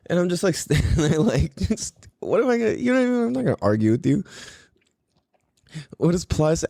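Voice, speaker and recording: A man in his thirties, a podcast host, telling a story in casual chat, animated and profane, laughing often. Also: on the high side, fairly quick, gravelly, no room sound, clean studio sound.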